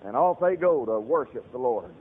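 A man's voice: mid-range voice, animated, normal speed, slightly rough, long reverb tail. A man preaching a fiery sermon, telling stories and addressing his congregation directly. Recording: tinny radio broadcast.

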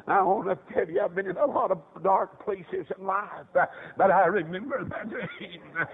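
A man, a preacher from the North Carolina mountains, giving an impassioned revival sermon and breaking into sudden high cries and weeping. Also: measured pace, creaky, few pauses. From North Carolina mountains, USA. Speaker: preacher, radio evangelist. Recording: tinny lo-fi old radio broadcast.

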